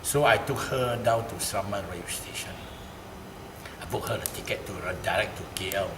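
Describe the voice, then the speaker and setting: A man with a Malaysian English accent telling a personal story to an interviewer. He talks in an animated way, repeats phrases and turns louder and higher when quoting people. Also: normal speed. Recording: roomy, noisy ambience.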